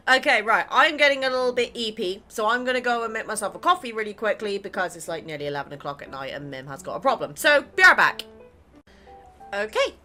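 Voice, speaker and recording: Bright, animated woman reading a game. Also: mid-range voice. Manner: playful, chatty, giggly. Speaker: gaming content creator. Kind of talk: reading a romance game aloud. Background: game music.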